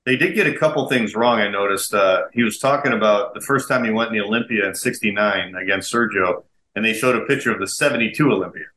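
A man hosting a podcast, telling stories in a casual, animated way and laughing often. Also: lowish voice, fast, hardly any pauses, slight background noise. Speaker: podcast host. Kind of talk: casual interview chat. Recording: echoey room with faint ambience.

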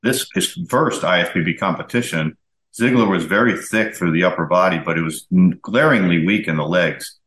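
A man hosting a podcast, reading old magazine articles aloud in a steady, measured storytelling way. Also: low-pitched. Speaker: podcast host. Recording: roomy echo.

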